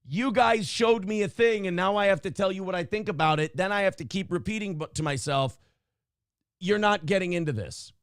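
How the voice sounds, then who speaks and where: A man's voice: high-pitched, fairly quick, few pauses, clean tone, dry recording, studio quality. A man hosting a live show, chatting and ranting, swearing a lot and reading viewer comments aloud. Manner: profane, animated, reads chat comments aloud. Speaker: host. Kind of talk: casual live-show banter and rant.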